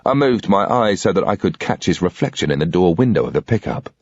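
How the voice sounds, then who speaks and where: A husky man reads a thriller audiobook in a tense, matter-of-fact voice. His pitch is lowish but rises and falls a lot. The sound is dry and a bit dull. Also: lively intonation, fairly quick, darkish tone, dry recording. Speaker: audiobook reader. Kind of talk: scripted audiobook narration of a thriller.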